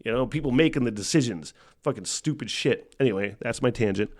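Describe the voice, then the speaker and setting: An American man hosting his own podcast, talking at an ordinary pitch in a loose, profane rant. He laughs often and swears freely, with the easy delivery of a former radio DJ. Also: expressive, brisk, darkish tone. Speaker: podcast host. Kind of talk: casual reaction commentary.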